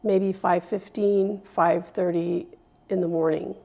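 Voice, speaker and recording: A woman guest recounting a personal experience in an interview, hesitant and pausing often with fillers. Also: lowish voice, level tone, vocal fry, dark tone. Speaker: guest sharing a scam experience.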